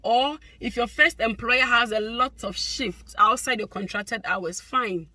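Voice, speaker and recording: A woman's voice: on the high side, unhurried, pushed and bright, a little hiss or hum. A young adult woman, a healthcare worker, chatting casually to her vlog viewers, effusive and laughing often.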